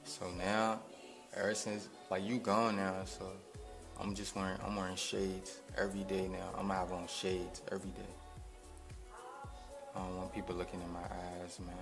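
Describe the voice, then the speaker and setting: A young man speaking to his late father in a halting, slang-heavy vlog monologue, close to tears. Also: low voice, monotone, gravelly. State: on the verge of tears. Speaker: vlogger. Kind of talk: grieving monologue to camera. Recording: music playing under the voice.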